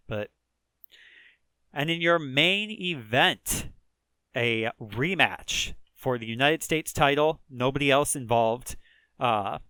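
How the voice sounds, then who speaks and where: Bright-voiced man with a Chicago accent. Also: medium pitch, clean tone, dry recording. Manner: rambling, filler-heavy recap with frequent chuckles. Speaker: let's play host. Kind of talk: casual game commentary.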